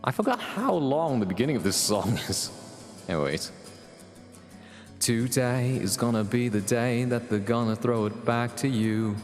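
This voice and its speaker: A male streamer chatting wryly to viewers in a put-on, deliberately bad British accent. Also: mid-range voice, huge pitch swings. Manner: wry, mock-posh, chatting to chat. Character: streamer doing an exaggerated mock British gentleman. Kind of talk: live stream chat to viewers. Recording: reverby room with background music.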